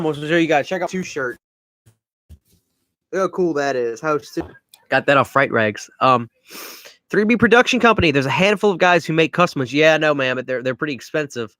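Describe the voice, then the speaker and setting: A young Cajun man from Louisiana chats through a live Q&A, reading out viewers' names and rambling loosely between answers. His voice sits a touch high for a man, and the sound is dry and close with no room around it. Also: no echo. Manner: relaxed, rambling, reads chat names aloud. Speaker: livestream host answering chat. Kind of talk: casual live Q&A chat.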